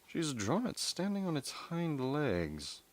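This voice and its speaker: A man's voice: fairly high pitch, huge pitch swings, slow, voice pushed up, full character voice. A man doing a formal, precise doctor. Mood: calm. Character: calm, formal Costa Rican male doctor.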